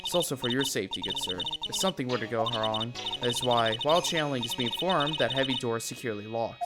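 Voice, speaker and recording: A man's voice: mid-range voice, fast, natural voice. A man voicing a stern, haughty middle-aged woman who speaks in a formal, condescending way, over game music.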